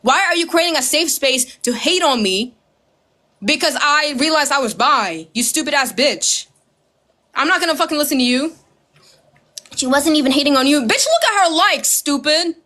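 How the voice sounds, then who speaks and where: A woman ranting straight to camera, loud and heated, swearing constantly and mimicking her critics with sarcasm. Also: sits high, lively intonation, moderate pace. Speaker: social media creator. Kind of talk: ranting direct-to-camera video.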